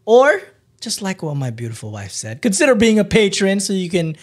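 A man's voice: sits high, very animated, brisk. A man co-hosting a podcast, chatting casually and joking playfully. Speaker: podcast co-host.

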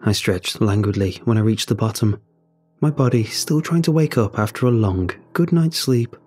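A man narrating a first-person horror story in a measured, even storytelling voice. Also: lowish voice, slightly rough, faint music behind.

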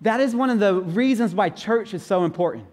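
A man, a pastor, preaching a sermon in a church in a playful, emphatic way, slowing down to stress repeated lines. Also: high-pitched, lively intonation, a little mellow. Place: church sanctuary.

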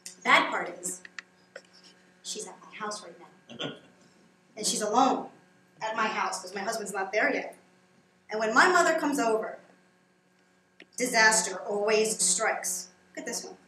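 A woman's voice: medium pitch, measured pace, long pauses, bright, forceful tone, a little hiss or hum. A woman performing a stand-up comedy monologue on a small theater stage, chatty and teasing as she jokes with the audience. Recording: roomy live room with audience.

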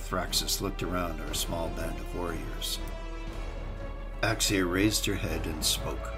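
A man narrating an audiobook in the first person in a measured, deliberate way. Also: low voice, steady tone. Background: music.

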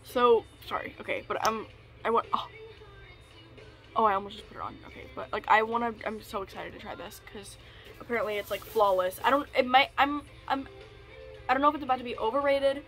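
A woman's voice: fairly high pitch, a little fast, a bit bright, soft background music. A young woman vlogging casually from home while sick, rambling and correcting herself as she talks. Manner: rambling, self-correcting, filler-heavy. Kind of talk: casual vlog chat.

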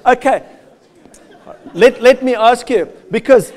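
A man giving a lively, conversational field day presentation with slides, addressing farmers directly and joking at his own expense. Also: high-pitched, unhurried, long pauses, a faint crowd. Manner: lively with self-deprecating asides. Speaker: soil health speaker.

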